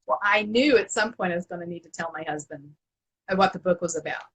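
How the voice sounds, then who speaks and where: Woman, middle-aged, bright tone, breathy edge, chatty, restarts often. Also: fairly low pitch, brisk, low-quality recording. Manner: animated, laughs often, many restarts and fillers. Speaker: author, interview guest. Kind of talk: casual storytelling in an interview.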